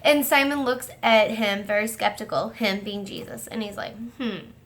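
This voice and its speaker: A woman's voice: mid-range voice, normal speed, fairly bright tone. A woman hosting a casual home video discussion, earnest and enthusiastic, now and then acting out scenes in quoted voices. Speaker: host discussing a series.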